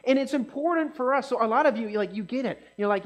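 Male preacher, high voice, conversational sermon delivery, slight electrical hum under it. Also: quick pace. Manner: conversational, animated asides to the congregation. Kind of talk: sermon with scripture reading.

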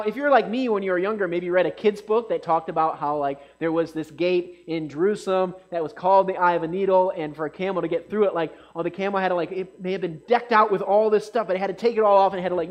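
A man reading scripture aloud and then preaching a sermon, talking conversationally with animated asides to the congregation. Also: sits high, highs cut off.

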